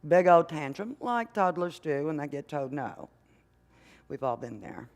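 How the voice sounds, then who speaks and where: An older woman, a mother and grandmother, preaching a sermon in a church with an unhurried, conversational manner, often asking the congregation questions. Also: low voice, sing-song, darkish tone. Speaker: minister. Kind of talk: sermon with storytelling. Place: church sanctuary. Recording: long hall reverb.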